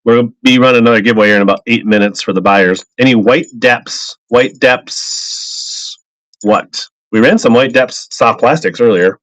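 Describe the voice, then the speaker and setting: A man's voice: on the low side, a little fast, few pauses, fairly bright tone, no room sound. A man selling fishing gear on a casual live stream, rambling upbeat and greeting buyers by name. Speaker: live auction seller of fishing lures. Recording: slightly dull lo-fi stream audio.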